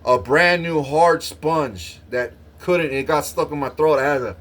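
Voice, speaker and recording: A young man spins a meandering, profanity-laced story in loose casual talk. He stumbles over his words, laughs often, and keeps restarting sentences, in a voice pitched a little above the usual for a man. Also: unhurried, a bit bright. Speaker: livestreamer.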